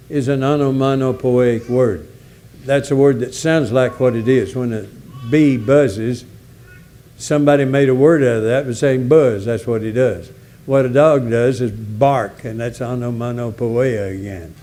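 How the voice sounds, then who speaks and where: A man's voice: mid-range voice, a little slow, mellow. A man preaching a sermon in a folksy, emphatic way, repeating key words for weight. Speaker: visiting preacher.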